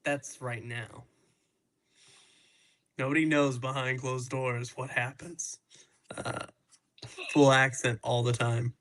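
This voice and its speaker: Bright-voiced playful podcast host man. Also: mid-range voice, little pitch movement, slow pace, pauses often. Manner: playful, jokey, introduces co-hosts. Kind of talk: casual live podcast chat.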